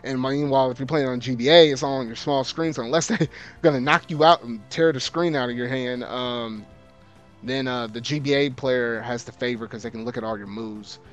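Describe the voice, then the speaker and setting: A man hosting a let's play of a video game, grumbling in casual slang and breaking into loud, exasperated outbursts as the battle turns against him. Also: mid-range voice, brisk, faint music behind. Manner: casual slang, repeats himself. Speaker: gaming video host.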